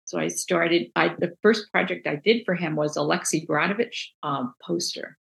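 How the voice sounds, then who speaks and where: Gravelly New Jersey woman telling stories. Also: fairly low pitch, moderate pace, low-quality recording. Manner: animated, acts out quoted voices, many restarts. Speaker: book designer, guest. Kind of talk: casual interview storytelling.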